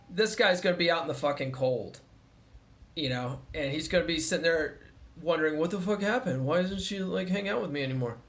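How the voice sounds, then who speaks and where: A young man with a fairly high-pitched voice tells a story in a relaxed vlog. He talks casually and curses often, with plenty of fillers and restarts. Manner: casual, profane, chatty with many fillers; mimics others in a raised voice when quoting them. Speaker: vlogger.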